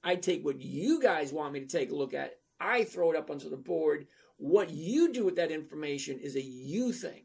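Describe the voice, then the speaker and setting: Older guy in his 60s, gravelly husky voice, blunt and rambly, reading chat on a trading stream. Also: on the high side, animated, moderate pace, a little mellow. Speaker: trading channel host. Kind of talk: casual livestream talk.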